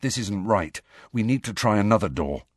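A man voicing a forceful, hasty teenage boy wizard in an audiobook. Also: lowish voice, animated, moderate pace, slightly rough, no room sound, clean studio sound.

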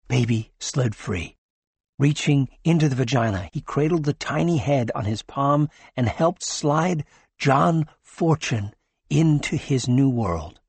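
Male narrator, husky voice, measured reading, dry close sound. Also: mid-range voice, darkish tone, no room sound. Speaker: audiobook narrator. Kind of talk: scripted narration.

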